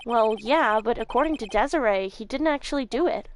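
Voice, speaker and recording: A woman voicing a flustered young male defense lawyer, reading game dialogue aloud in a hesitant, stammering, lowered voice. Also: a little fast, a little hiss or hum, close to an everyday voice. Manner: hesitant, stammering, low put-on voice.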